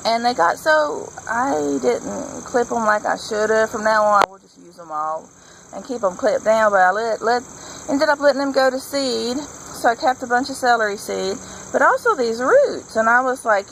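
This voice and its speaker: A woman's voice: a little high, animated, normal speed, gravelly, a bit bright, slight background noise, poor audio. A woman vlogger chatting casually and enthusiastically while she works on a patio garden, rambling from one thought to the next. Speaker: homesteading vlogger.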